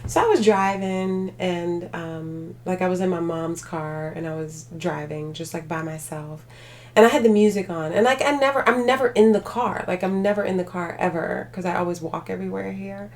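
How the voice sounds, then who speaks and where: A woman's voice: on the low side, steady tone, moderate pace. A tired woman hosting a casual livestream, chatting with viewers in a rambling way full of filler words and laughter. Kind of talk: casual live chat.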